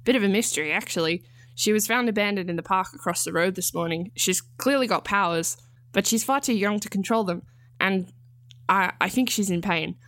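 A woman's voice: medium pitch, brisk, dry recording, studio quality, natural voice. A woman voicing a friendly, practical caseworker. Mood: matter-of-fact. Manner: warm, matter-of-fact.

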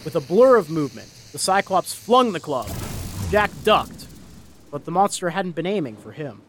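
A man narrates a storybook in a dramatic, expressive voice that is fairly high and moves up and down in a lively way. Faint thunder and ambience sit behind the reading. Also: moderate pace, a little hiss or hum.

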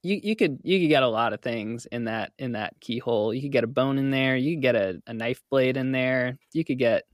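A man's voice: medium pitch, fairly quick, dry recording, studio quality. Hesitant man running a tabletop game. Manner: hesitant, many ums. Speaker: game master.

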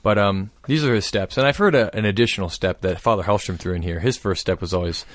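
A man calmly explaining a prayer practice in casual conversation. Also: fairly low pitch, fast talker, no room sound. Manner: thoughtful, explanatory, steady.

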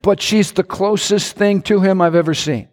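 A man preaching a sermon as a pastor, animated, with sudden shouts and playful impressions. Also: sits high, normal speed. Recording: long church hall reverb.

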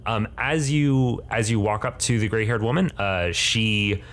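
A man's voice: lowish voice, a little slow, a bit bright. A man narrating as game master for a tabletop game, hesitant with many fillers.

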